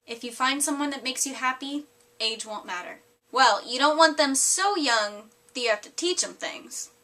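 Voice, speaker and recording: A young woman putting on a doting grandmother in her seventies or eighties, soft and a touch lower than a bright voice would sit. She talks in a gentle, sugary way, then lands crude remarks without changing her tone. The voice stays fairly high and clear throughout. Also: normal speed. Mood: sweetly blunt. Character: elderly grandmother, sweet-voiced but bluntly crude.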